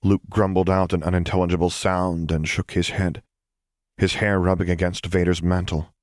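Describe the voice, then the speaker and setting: Male audiobook narrator, very low voice, calm even read, dry close sound. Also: normal speed, dry recording. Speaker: audiobook reader. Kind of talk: fan fiction audiobook narration.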